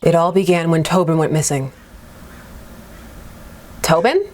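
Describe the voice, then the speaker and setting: A woman voicing a village man in a game who stays unnervingly cheery and calm as he speaks. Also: sits low, unhurried. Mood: calm, placating. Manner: soft, placating, unnervingly cheery.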